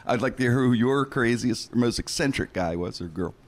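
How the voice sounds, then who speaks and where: A man's voice: mid-range voice, moderate pace. A man hosting a podcast, chatting casually and joking with his guests. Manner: rambling, joking, restarts his sentences. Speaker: podcast host. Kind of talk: casual chat.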